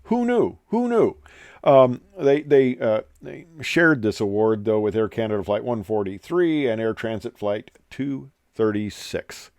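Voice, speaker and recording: A man's voice: fairly low pitch, unhurried, few pauses, a little mellow, no echo, clean studio sound. A man, an airline pilot, telling an aviation story in a casual, rambling way with many hesitations.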